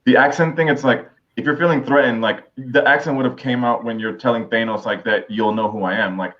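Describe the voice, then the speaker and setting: A man co-hosting a casual podcast, rambling and excitable, filling his talk with "like". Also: mid-range voice, a little fast, lo-fi sound. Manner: rambling, lots of "like" fillers, excitable. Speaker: podcast co-host. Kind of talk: casual pop-culture discussion.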